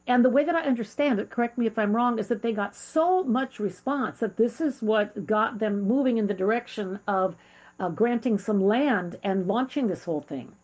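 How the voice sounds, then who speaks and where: A woman's voice: fairly high pitch, moderate pace, a little mellow. A middle-aged woman hosting an interview, speaking in an earnest, heartfelt way with frequent fillers. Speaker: interview host. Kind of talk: conversational interview.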